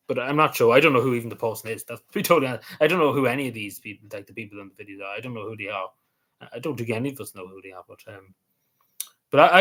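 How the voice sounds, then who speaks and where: Answering viewer comments on his live stream, a man speaks in a Cavan Irish accent with a fairly low pitch. His casual talk is halting, each phrase trailing off softly.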